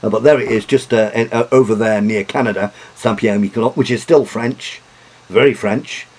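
Halting, husky-voiced male history lecturer. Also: on the low side, a little mellow. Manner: halting, many fillers and restarts.

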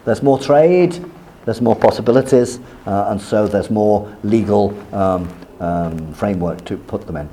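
A man's voice: lowish voice, measured pace, dark tone, a little hiss or hum. A middle-aged man from Britain giving a classroom lecture in a wry, digressive way, often stopping and restarting his sentences.

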